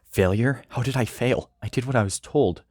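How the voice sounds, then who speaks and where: A man's voice: mid-range voice, a little fast, darkish tone, no echo, clean studio sound, voice pushed up, natural voice. A man doing a young robot soldier, outraged. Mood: confused. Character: young male robot soldier, earnest and loyal.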